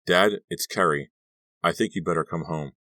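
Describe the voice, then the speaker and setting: A man's voice: low-pitched, normal speed, sharp tone, dry recording, clean studio sound. A man doing a shaken, weary teenage boy. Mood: uneasy.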